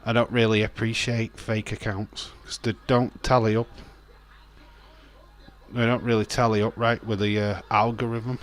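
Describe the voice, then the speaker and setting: A man's voice: fairly low pitch, little pitch movement, normal speed. Chatty man streaming wrestling. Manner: rambling, chatty, swears and laughs, reads chat aloud. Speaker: streamer hosting a watch-along. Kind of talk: casual live-stream commentary.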